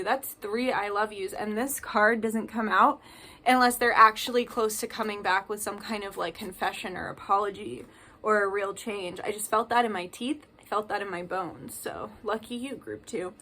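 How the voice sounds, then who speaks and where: A woman's voice: medium pitch, normal speed, pushed and bright. A woman giving a casual tarot card reading, chatty and reading card messages aloud with emphasis.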